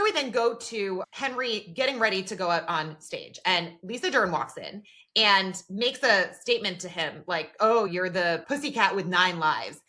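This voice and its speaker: A woman co-hosting a podcast retells TV scenes in casual chat, quoting characters and using plenty of filler words. Her voice is medium-pitched and bright, with a forceful tone.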